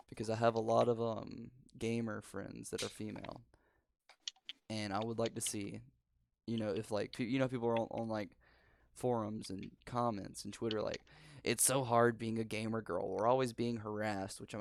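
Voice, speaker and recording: A man's voice: fairly low pitch, vocal fry, slight background noise. A teenage boy hosting a casual podcast chat, rambling and laid-back. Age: teens. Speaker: podcast host. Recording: dry home recording over spotty internet.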